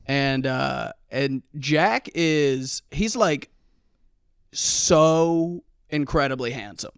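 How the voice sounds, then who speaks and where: Here the young co-host speaks in a mid-range, gravelly yet clear and resonant voice, drawing out his words, recorded in a clean studio with no room sound. Sharing a story in casual podcast chat, he gets animated and imitates the people he's quoting.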